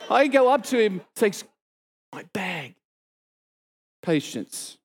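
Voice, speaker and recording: A man's voice: slow, pauses often, breathy edge. A middle-aged man preaching, telling a story and acting out the dialogue with sudden exclaimed lines. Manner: animated, acts out dialogue with sudden high exclamations. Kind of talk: storytelling sermon.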